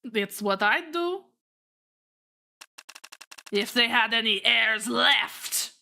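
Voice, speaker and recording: A woman's voice: a little high, lively intonation, extremely slow, vocal fry, pushed and bright, full character voice. Woman doing a smug patriarch, fake Russian accent. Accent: put-on Russian. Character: scheming male patriarch of a noble family. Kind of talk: reading game dialogue aloud.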